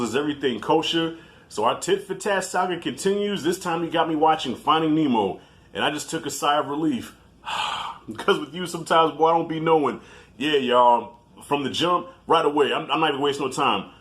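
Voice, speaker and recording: A man in his thirties giving a casual, animated film review in slangy talk, laughing easily. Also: on the high side.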